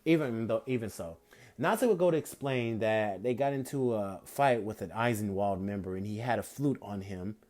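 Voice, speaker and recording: A man's voice: fairly low pitch, normal speed, a little mellow. A young man improvising a fan-fiction story in a rambling, casual way, full of fillers and self-corrections.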